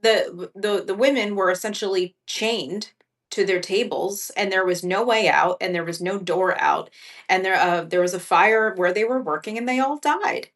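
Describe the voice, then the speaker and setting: A woman's voice: mid-range voice, moderate pace. A woman guest in a casual political chat over a video call, earnest and emphatic. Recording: distant mic.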